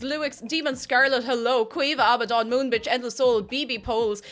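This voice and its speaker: A woman's voice: fairly high pitch, moderate pace. A young Irish woman chatting casually on a live stream, greeting viewers by name and reading their messages aloud with plenty of laughter. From Ireland. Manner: chatty, animated, laughs often, reads chat names aloud. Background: faint music.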